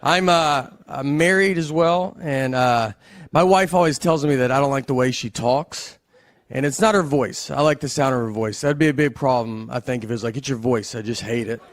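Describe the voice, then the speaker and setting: A man performing a stand-up comedy set in a slow, deadpan drawl with wry pauses, recorded live. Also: mid-range voice. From American South. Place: live comedy venue with audience laughter.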